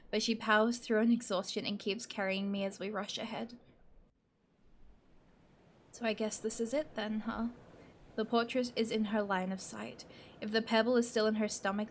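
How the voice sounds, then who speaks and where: A woman's voice: fairly high pitch, slight background noise. A woman narrating a story in the first person, in a tense, emotional way.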